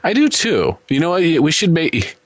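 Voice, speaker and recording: A man's voice: fairly high pitch, very animated, moderate pace, dry recording. A man co-hosting a film podcast, rambling and joking in casual chat. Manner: rambling, joking, laughs often. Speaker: podcast co-host.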